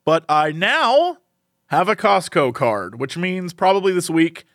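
A man's voice: high-pitched, unhurried, no echo, studio quality. A young man on a podcast, chatting casually as he tells a funny story, laughing often and acting out the people in it. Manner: animated, laughs often, acts out quoted people. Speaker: podcast co-host.

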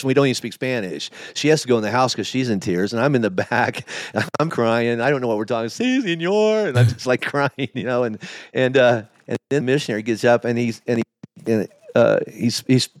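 A man's voice: medium pitch, no room sound. A middle-aged man, a pastor being interviewed, telling his story in a candid, emotional, confessional way that halts at the hard moments. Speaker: pastor, podcast guest.

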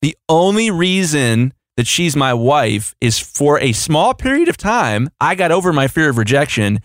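A man's voice: fairly high pitch, sing-song, normal speed, fairly bright tone, dry recording, studio quality. A man co-hosting a podcast in casual chat, jokey and fond of acting out little voices. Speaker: podcast co-host.

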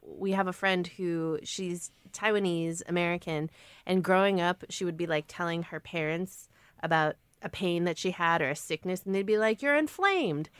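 Woman co-host, smooth clear voice, chatty, laughs easily; dry studio sound. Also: lowish voice, steady tone, moderate pace, dry recording. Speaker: podcast co-host. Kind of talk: casual podcast conversation.

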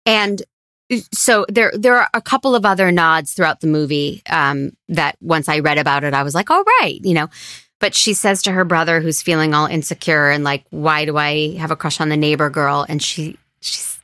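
Rich: A woman who is a podcast guest talks about a film with earnest feeling. Her voice is fairly low-pitched but bright and forward. The sound is dry and close. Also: normal speed, clear, resonant tone, no room sound. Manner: earnest, heartfelt. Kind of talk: casual film discussion.

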